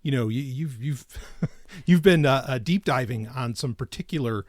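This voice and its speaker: A man's voice: medium pitch, darkish tone, no room sound, studio quality. A man co-hosting a podcast in casual chat, rambling and restarting his sentences, often breaking into laughter. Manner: rambling, self-interrupting, quick to laugh. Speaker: podcast co-host. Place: studio.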